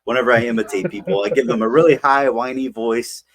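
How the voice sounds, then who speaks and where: A man's voice: medium pitch, fast, a bit bright. A young man co-hosting a podcast, telling a long story in casual chat full of fillers. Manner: rambling, filler-heavy storytelling. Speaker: podcast co-host.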